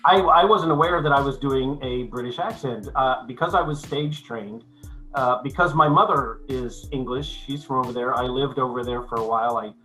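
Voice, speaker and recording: Older man, chatty interview guest, bright clear timbre, light music under. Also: medium pitch, rough recording. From United States. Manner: halting, many restarts and fillers, then clear and measured. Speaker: actor guest. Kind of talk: casual interview chat.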